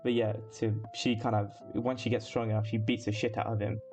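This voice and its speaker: A man's voice: lowish voice, little pitch movement, a little fast, gravelly. A man co-hosting a casual chat breaking down an anime episode, rambling with fillers and swearing. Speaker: podcast co-host. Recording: lo-fi with music behind.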